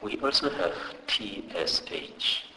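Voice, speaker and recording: Over a noisy background, a man teaches a beginner language lesson in a low, animated voice. He moves at a slow pace, spelling out letter pairs and repeating each example word twice in careful, scripted delivery.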